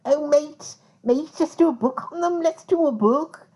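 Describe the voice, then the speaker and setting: A woman's voice: high voice, a little slow, warm tone, voice pushed up. A woman voicing a cocky, scheming man from Liverpool with a put-on Liverpool accent and a chummy manner. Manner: chummy, keeps saying mate.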